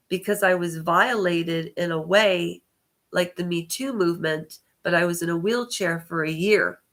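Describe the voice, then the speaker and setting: A lowish but fairly bright voice carries this congested channel host's rambling vlog talk, which is hesitant and full of corrections made partway through sentences.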